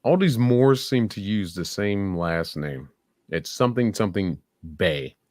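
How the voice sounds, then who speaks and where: A man's voice: fairly low pitch, lively intonation, unhurried, a little mellow, no room sound, studio quality. A man giving blunt, sarcastic live reaction commentary, swearing freely. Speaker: streamer reacting to videos.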